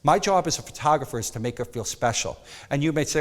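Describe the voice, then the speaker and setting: A man teaching a photography workshop, emphatic and animated, sometimes dropping to a soft coaxing tone. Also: fairly high pitch, fast talker, big-room sound. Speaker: photography instructor.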